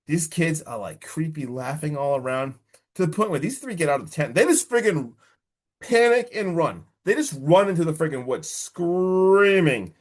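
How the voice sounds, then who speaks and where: Animated man recapping a film casually. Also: on the high side. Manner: animated storytelling, casual swearing, repeats "guess what". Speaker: podcast host reviewing a horror film.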